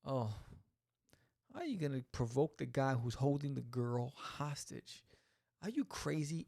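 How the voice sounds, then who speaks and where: A man hosting a podcast, reviewing a comic in a casual, animated way full of joking asides. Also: mid-range voice, measured pace, gravelly, no echo, studio quality.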